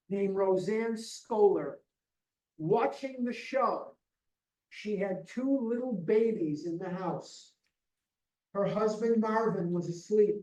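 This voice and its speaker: A speaker at a recovery retreat, telling a group an unhurried story of their fellowship's early history. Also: mid-range voice, a little mellow. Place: meeting room at a retreat. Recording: echoey room, distant dull mic.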